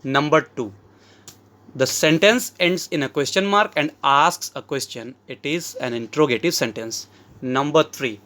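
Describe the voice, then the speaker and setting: A man's voice: on the high side, moderate pace, fairly bright tone. A man with an Indian English accent, teaching a grammar lesson from slides and explaining each example step by step as he calls his listeners friends.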